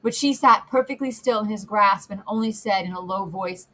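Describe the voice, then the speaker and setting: A woman narrating a classic novel as an audiobook, reading in a measured, expressive way. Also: mid-range voice, low-quality recording. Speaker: audiobook reader.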